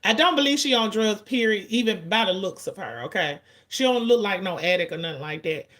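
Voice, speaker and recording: A woman, giving casual, blunt and profane commentary in an animated storytelling way. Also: mid-range voice, fairly quick.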